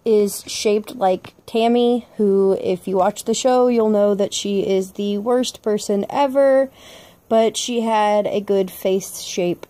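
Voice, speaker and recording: A woman's voice: mid-range voice, takes it slowly, warm tone. A young woman chatting casually and upbeat as she narrates her own art video, laughing often. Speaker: vlog host, artist. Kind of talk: casual voice-over commentary.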